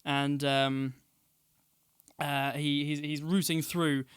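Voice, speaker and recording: A man's voice: on the high side, level tone, slow pace, fairly bright tone, slight background noise. A man narrating as game master, rambling with many fillers and restarts.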